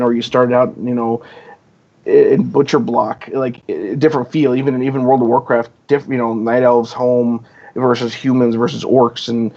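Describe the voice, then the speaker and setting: A man with a medium-pitched, darkish voice chats as a guest on a casual podcast, captured in dull lo-fi audio. He rambles, fills his talk with "you know," and acts out quoted dialogue.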